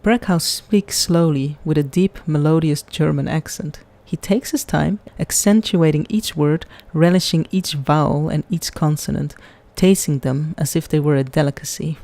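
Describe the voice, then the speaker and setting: Woman gamer narrating a playthrough; mellow voice, dry wry asides. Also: low-pitched, moderate pace. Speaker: gamer reading game text aloud. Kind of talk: casual game playthrough.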